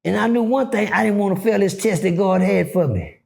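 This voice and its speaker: A middle-aged man telling prison stories in an animated way, acting out other people's voices and swearing freely. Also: a little fast, gravelly. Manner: acts out voices, swings pitch widely, swears freely. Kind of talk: animated storytelling.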